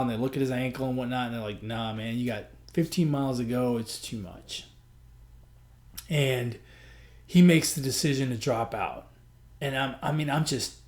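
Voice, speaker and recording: A man hosting a podcast, telling a personal story in an earnest, emotional way, often repeating himself. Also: mid-range voice. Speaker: podcast host.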